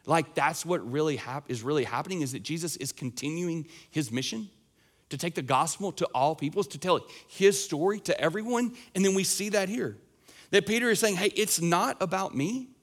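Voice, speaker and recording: A man's voice: on the high side, moderate pace. A young man preaching a sermon, earnest and emphatic, his voice swelling and dropping as he makes his points. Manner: earnest, emphatic preaching with wide swings in loudness. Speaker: pastor.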